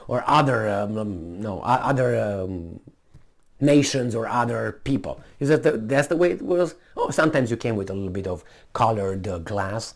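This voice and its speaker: An indignant man rants in a mocking, emphatic tone. His voice is mid-pitched, and his intonation swings widely as he jabs at his target in opinionated commentary. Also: expressive, moderate pace. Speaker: vlogger, commentator.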